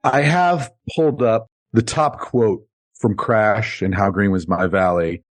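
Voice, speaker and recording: A man in a comedic podcast chat, reading lines aloud with deliberate theatrical delivery. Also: lowish voice, no echo. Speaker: podcast guest.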